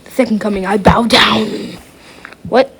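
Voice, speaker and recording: A woman's voice: mid-range voice, moderate pace, a bit bright, a little hiss or hum. A woman improvising a playful fan dub over an animation, switching between silly character voices and whispered asides.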